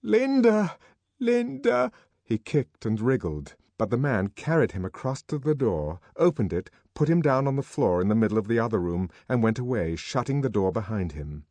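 A man narrating an audiobook in a measured, expressive storytelling manner, recorded on a close studio mic. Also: on the low side, no room sound.

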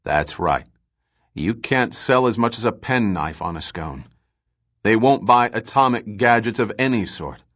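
A man's voice: fairly low pitch, animated, a little slow, a bit bright. A man doing a gloomy, wry space trader. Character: weary middle-aged male space trader, gloomy and wry.

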